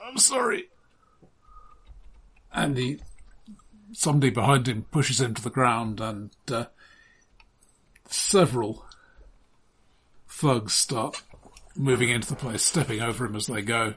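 A man narrating as game master of a tabletop game, in a relaxed, halting way with frequent restarts. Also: medium pitch, husky.

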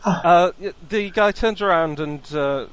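A man's voice: high-pitched, unhurried, smooth, low-quality recording. A man running a tabletop game as game master, wry and hesitant, with many ums.

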